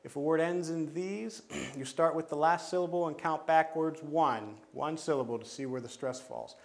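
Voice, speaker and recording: A man's voice: fairly high pitch, moderate pace, creaky. A man training teachers, explaining pronunciation rules step by step in a methodical way, with frequent fillers and restarts. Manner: methodical, repeats steps, many fillers and restarts.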